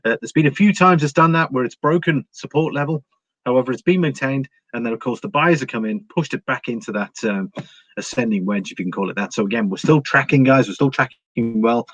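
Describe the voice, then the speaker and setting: This English man talks a little fast in a mid-range, fairly bright voice while hosting an informal precious-metals livestream. Chatty and full of fillers, he greets viewers by name as he reads the chat, and the dry home recording sounds slightly dull.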